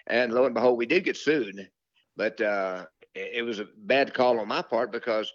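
In this laid-back interview, an older man who sings country music tells meandering tales about his career, often restarting and using fillers. He speaks at a normal speed with a medium-pitched voice. There's no echo, but the high frequencies are cut off.

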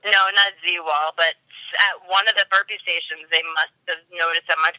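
A woman chatting as a podcast guest about racing, animated and quick to laugh. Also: lowish voice, dry recording, rough recording. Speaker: guest, obstacle racer. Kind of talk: casual chat.

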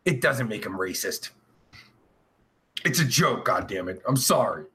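A man's voice: mid-range voice, sing-song, measured pace. A man hosting a crude podcast with a stuffy nose, swearing constantly and joking as he reads viewer comments. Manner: profane, loud, jokey, swings between shouting and mumbling. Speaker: podcast host. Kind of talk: crude casual chat reading viewer comments.

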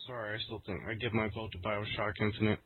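A man's voice: on the low side, flat delivery, fast talker, slight background noise. A man co-hosting a casual podcast chat, with a wry, joking manner. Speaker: podcast co-host. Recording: tinny phone-like sound.

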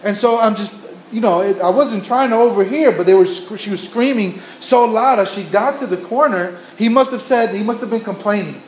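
Earnest high-voiced male preacher, echoey room. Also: brisk, a little hiss or hum. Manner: earnest storytelling with many restarts and repetitions. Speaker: pastor. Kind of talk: sermon.

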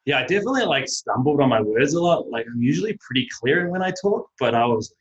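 Young NZ man, podcast guest, relaxed self-deprecating storyteller, mid-range voice, slightly muffled audio. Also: mid-range voice, fast talker. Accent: New Zealand. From New Zealand. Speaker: guest, baseball pitcher and teacher. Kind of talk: casual podcast chat. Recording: dull lo-fi audio.

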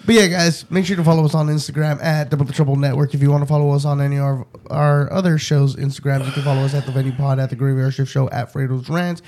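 A man's voice: medium pitch, little pitch movement, a little mellow. A man co-hosting a podcast, joking around and swearing as he reads off plugs. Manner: quick, joking plugs with profanity. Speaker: podcast co-host. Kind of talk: casual podcast chat.

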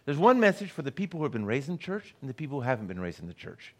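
A man's voice: mid-range voice, sing-song, rapid-fire. A middle-aged man preaching a sermon as a guest pastor, telling stories and acting out the people he quotes. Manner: storytelling, acts out the voices of people he quotes.

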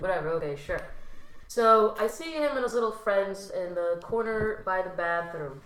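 A woman's voice: fairly low pitch, normal speed. Young woman telling a wild story on a podcast, lots of swearing, roomy echo. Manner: animated, swears freely, acts out quotes. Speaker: podcast guest. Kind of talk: casual storytelling chat.

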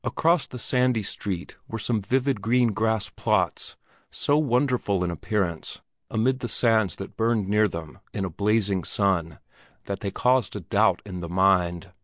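A man narrating a classic short story in a low, measured voice. His pacing is descriptive and steady. The recording is dry, with no room sound. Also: dry recording. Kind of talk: audiobook narration.

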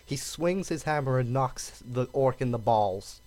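A man co-hosting a casual gaming podcast, animated and quick to laugh, slipping into character voices. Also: medium pitch, a little hiss or hum. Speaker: podcast co-host.

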